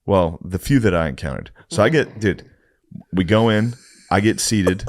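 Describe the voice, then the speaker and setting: A man's voice: deep voice, moderate pace, no room sound, clean studio sound. A man co-hosting a podcast, telling a profane, exasperated story in casual chat. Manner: profane, exasperated, animated retelling. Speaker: podcast co-host.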